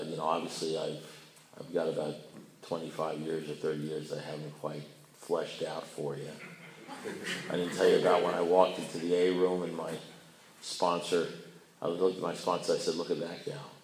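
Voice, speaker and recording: A man's voice: low-pitched, a little hiss or hum. An older man, a blunt and rambling storyteller, telling his story at a recovery meeting with self-mocking humor. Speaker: AA speaker. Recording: echoey room.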